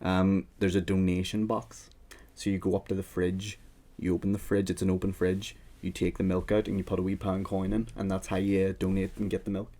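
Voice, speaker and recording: A young man with a fairly low voice, guesting on a casual comedy podcast. He ribs the host playfully and spins his own stories in a relaxed, chatty way. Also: brisk. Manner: teasing, laughing, storytelling.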